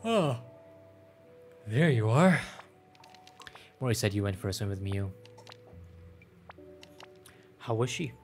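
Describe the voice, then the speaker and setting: A man's voice: lowish voice, animated, slow, long pauses, soft background music. A man voicing a curious, eager teenage girl in a game, full of questions.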